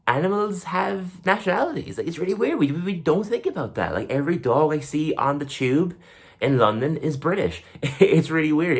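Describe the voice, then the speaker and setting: A young man, a comedian, rambling casually through his bits and acting them out in silly voices. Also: mid-range voice. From Ireland. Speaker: comedian and podcast host.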